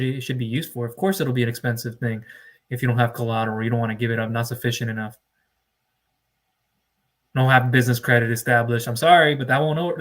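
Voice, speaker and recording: A man's voice: mid-range voice, a bit bright. Emphatic man lecturing on business funding. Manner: emphatic, lecturing, drawn-out stresses. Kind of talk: direct-to-camera advice monologue.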